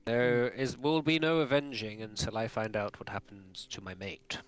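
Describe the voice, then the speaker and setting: Man voicing a dignified old clockwork dragon, formal and measured; light music underneath. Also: lowish voice, fairly even intonation, smooth, natural voice. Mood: solemn.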